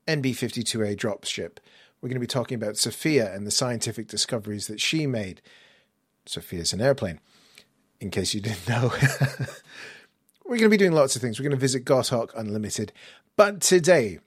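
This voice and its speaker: A man with an English accent hosting a casual podcast, chatty and quick to laugh at himself. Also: medium pitch, no echo, clean studio sound. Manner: chatty, self-mocking, laughs easily. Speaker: podcast host.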